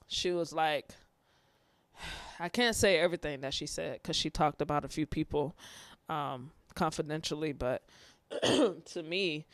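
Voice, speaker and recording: A man speaking haltingly, fighting back tears as he talks about his grief. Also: a little high, a bit bright, clear, resonant tone, no echo. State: tearful. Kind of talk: personal testimony on grief.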